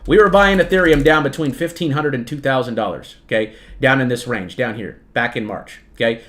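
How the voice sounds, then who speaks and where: A man's voice: mid-range voice, brisk, fairly bright tone. Emphatic man giving market commentary. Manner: emphatic, repetitive, peppers lines with "okay?" and "right?"; addresses viewers as "folks". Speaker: trading channel host.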